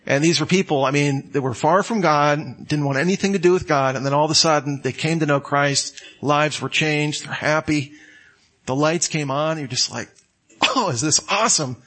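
A man preaching a sermon in a conversational, storytelling way with animated asides. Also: a little high, moderate pace.

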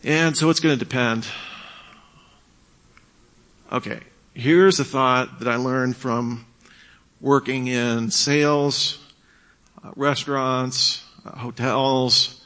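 Man, mid-pitched, casual instructor on leading discussions, acts out quiet calm replies. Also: slow pace, long pauses. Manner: acts out quoted exchanges, drops to a hush for calm replies. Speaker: teacher on leading church discussions.

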